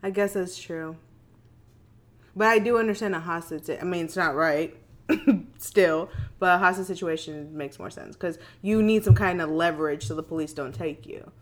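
A woman's voice: lowish voice, normal speed. A woman in casual chat who hesitates, restarts her sentences and laughs easily.

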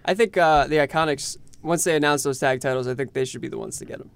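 A man's voice: fairly high pitch, quick pace, gravelly, smooth, no echo. A young man co-hosting a casual chat, mostly with short interjections. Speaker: podcast co-host.

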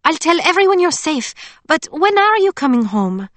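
A woman voicing a bubbly young waitress in an audiobook, with a high, drawn-out, gushing manner. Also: very animated, a bit bright, no room sound, exaggerated voice. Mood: excited. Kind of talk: audiobook character voice.

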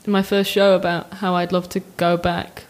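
A woman's voice: fairly low pitch, little pitch movement, normal speed, rough recording. A young woman, a comedian guest chatting casually and riffing on jokes. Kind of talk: casual chat.

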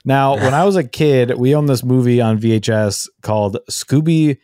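A man's voice: medium pitch, moderate pace, dark tone, clean tone, no room sound, studio quality. A man co-hosting a casual comedy podcast, joking and slipping into silly voices. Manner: jokey, slips into silly voices. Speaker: podcast co-host.

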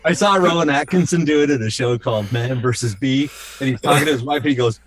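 A middle-aged man, a voice actor guest on a show, telling animated stories in casual chat and slipping into quick impressions. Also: medium pitch.

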